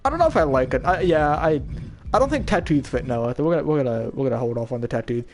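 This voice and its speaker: A young man chatting excitedly as he comments on his own gameplay, laughing often. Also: mid-range voice, fast talker, soft background music. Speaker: gaming YouTuber.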